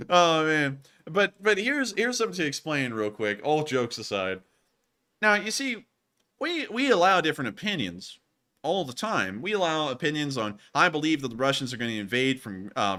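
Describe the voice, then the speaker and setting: A young man hosting a casual livestream news show, jokey and high-pitched, talking in a playful, teasing way with quick asides. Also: pushed and bright.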